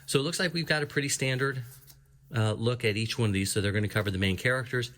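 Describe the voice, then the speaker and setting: A man's voice: medium pitch, quick pace, fairly bright tone. A man hosting his own channel, casually reviewing a book as he flips through it, reading entries aloud with small asides. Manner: chatty, reads entries aloud, small laughs. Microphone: camera framing his hands and a book.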